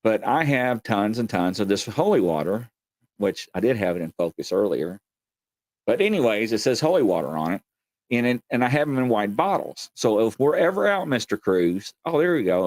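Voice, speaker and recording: A man's voice: medium pitch, very animated, a little fast, dry recording. A man hosting a paranormal talk show, telling stories in a folksy, meandering way and addressing his audience directly. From Kentucky. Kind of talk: casual rambling storytelling.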